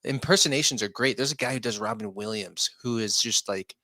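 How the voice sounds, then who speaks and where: A man's voice: fairly low pitch, fairly quick, bright, forceful tone, no room sound. A man guest on a casual podcast, laid-back and loose, filling his talk with "like". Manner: laid-back, lots of "like" fillers. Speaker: guest, filmmaker.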